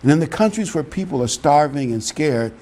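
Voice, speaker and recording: A man's voice: a little high, expressive, fairly quick, mellow. A middle-aged man preaching a sermon in a conversational way, with emphatic peaks. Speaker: pastor.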